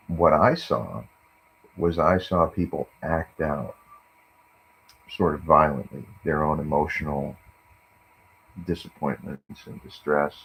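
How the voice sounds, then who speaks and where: A man's voice: a bass voice, creaky, breathy edge. A man musing in a rambling monologue, meandering and hesitant, with many fillers, on a dull lo-fi recording. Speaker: vlogger.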